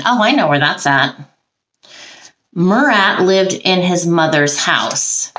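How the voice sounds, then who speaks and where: Unhurried psychic medium woman, lowish voice, halting, lots of ums, reads notes aloud then comments, roomy echo. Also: animated, a bit bright. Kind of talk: solo video, reading case notes aloud with commentary.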